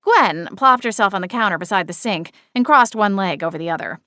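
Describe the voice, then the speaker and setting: A woman narrating a cozy mystery audiobook in first person, expressive and playful. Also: mid-range voice, moderate pace, dry recording, clean studio sound.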